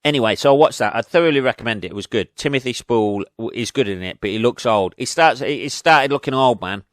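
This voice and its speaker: Sweary, self-mocking comedian with a smooth voice. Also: male voice, medium pitch, fast talker, dry recording, clean studio sound. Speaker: comedian and podcast host. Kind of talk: rambling casual monologue. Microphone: studio podcast mic.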